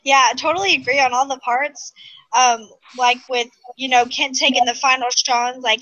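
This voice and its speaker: A woman's voice: sits high, steady tone, normal speed, pushed and bright, no room sound. A woman co-hosting a podcast, giving rambling, candid opinions with lots of "you know" and "like". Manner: rambling, filler-heavy, candid. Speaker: podcast co-host. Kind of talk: casual commentary. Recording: slightly lo-fi dry mic.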